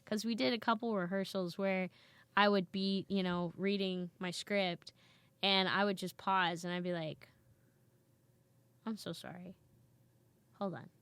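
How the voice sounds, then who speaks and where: A woman comedian in her thirties chatting casually as a podcast guest, telling animated stories and acting out quoted voices. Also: mid-range voice, normal speed, clear, resonant tone.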